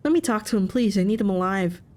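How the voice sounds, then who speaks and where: A woman's voice: mid-range voice, animated, fast talker, darkish tone, natural voice. A woman voicing a polite, nervous male university professor who stumbles over his words. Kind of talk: game voice acting.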